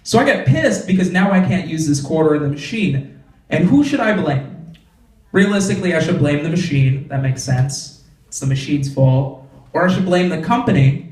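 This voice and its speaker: A man's voice: on the high side, animated, normal speed, darkish tone, far from the mic. Young man doing stand-up in an echoey club. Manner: conversational, frequent "like" fillers, punchy punchlines. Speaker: stand-up comedian. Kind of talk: stand-up comedy set. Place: comedy club stage.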